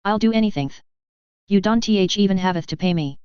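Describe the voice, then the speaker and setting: A woman's voice: medium pitch, normal speed, a little mellow, smooth, no room sound, muffled recording, natural voice. A woman voicing a timid, frightened young male snake creature who speaks with a lisp and keeps apologizing. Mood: pleading. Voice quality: lisping. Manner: desperate, apologetic, tearful.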